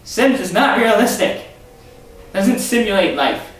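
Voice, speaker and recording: A man hosts his own vlog in a casual monologue, delivering a sarcastic, rambling rant. His voice is high-pitched, animated, a bit bright, and measured in pace. He sits far from the mic in an echoey room, with a faint hiss on the recording.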